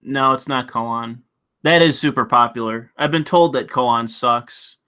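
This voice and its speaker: A man talks casually to his stream chat with a bright, forward voice. He rambles, swears freely and laughs along as he goes. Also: medium pitch, measured pace. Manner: rambling, profane, laughs often. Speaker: livestream host.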